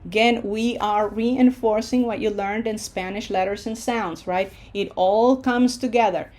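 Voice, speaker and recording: A woman's voice: a little high, a little mellow. A woman teaching a Spanish pronunciation lesson, patiently drilling syllables and checking in with frequent questions.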